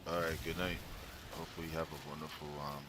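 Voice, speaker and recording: Very deep-voiced man rambling to chat. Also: little pitch movement, fast. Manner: rambling, stuttering, talks to chat. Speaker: live streamer. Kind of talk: casual commentary while gaming. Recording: loud game noise behind voice. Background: game sounds.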